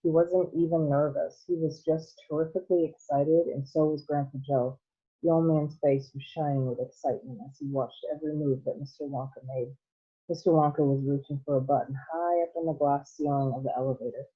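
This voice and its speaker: A woman teacher reading a children's novel aloud at a careful, measured pace, heard over a tinny phone-like line. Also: low voice, steady tone, husky.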